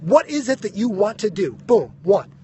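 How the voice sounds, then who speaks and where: A man giving a fast, emphatic motivational talk on a phone live stream, out of breath, and he keeps asking "right?". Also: sits high, sing-song, mellow. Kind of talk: energetic motivational talk to viewers. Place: high school grounds.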